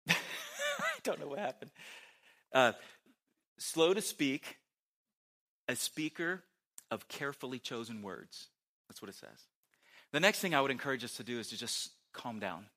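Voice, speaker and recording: A man preaching a conversational sermon as a pastor, chatty and quick to correct himself. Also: medium pitch, pushed and bright.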